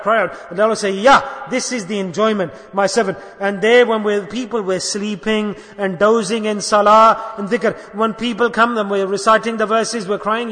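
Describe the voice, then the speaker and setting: A man's voice: sits high, a bit bright, in a large hall. A man giving an Islamic sermon, emphatic and repetitive, asking the listeners rhetorical questions. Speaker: Islamic preacher.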